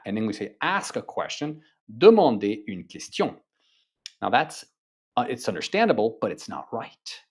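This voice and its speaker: A man teaching an online lesson, enthusiastic and checking in with the learner often. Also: on the low side. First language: French. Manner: enthusiastic, switches between English and French, many "right?" check-ins. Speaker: French teacher.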